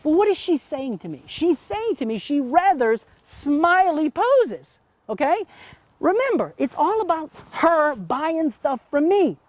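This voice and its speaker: A man's voice: very high-pitched, big pitch swings, unhurried, dry recording. A middle-aged man teaching photography while he works, talking casually and often checking in with "okay?". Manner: chatty, keeps asking "okay?". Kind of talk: hands-on teaching demo. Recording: dull, muffled sound.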